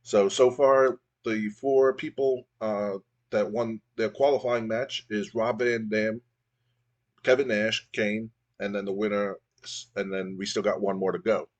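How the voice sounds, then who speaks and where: A man's voice: fairly low pitch, fairly even intonation, unhurried, muffled recording. Casual rambling man narrating a game. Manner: rambling, with many fillers and restarts.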